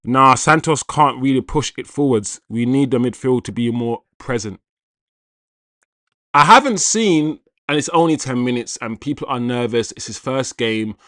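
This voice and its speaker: Excitable man hosting a watchalong. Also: medium pitch, normal speed, no echo, clean studio sound. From Jamaican heritage. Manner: excitable, shouts out viewers, reacts to play. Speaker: football watchalong host. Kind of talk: live match commentary and chat.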